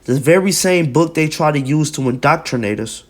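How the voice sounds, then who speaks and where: A man's voice: fairly high pitch, expressive, moderate pace. Emphatic man preaching on video. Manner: emphatic and repetitive, often adding "man". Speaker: religious video commentator. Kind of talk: preaching commentary with scripture and news reading.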